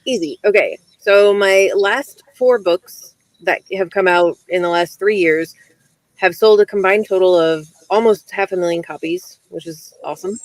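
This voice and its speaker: Relaxed woman explaining publishing matters. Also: lowish voice, moderate pace, dry recording, low-quality recording. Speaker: author and book coach. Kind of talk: casual livestream chat.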